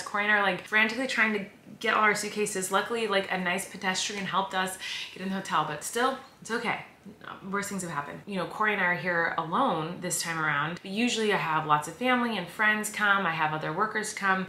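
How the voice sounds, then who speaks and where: A woman in her thirties talking fast and rambling in a casual vlog, stressed and overwhelmed. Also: medium pitch, sharp tone, reverberant, a little hiss or hum. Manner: rapid, chatty and rambling. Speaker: vlogger. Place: hotel room.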